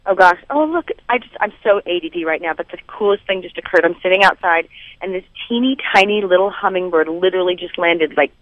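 A woman's voice: fairly low pitch, expressive, quick pace. A woman guest rambles in a chatty way over a phone from outdoors. She is an author and fills her speech with "you know" and "like". The line is dull and lo-fi, with a dry sound and no room echo. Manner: chatty, rambling, many fillers. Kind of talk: casual phone interview.

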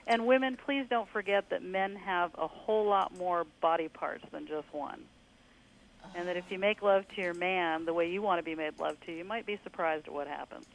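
A woman's voice: on the low side, normal speed, creaky, rough recording. Assured female guest giving advice. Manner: assured, coaching. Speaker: tantra workshop guest.

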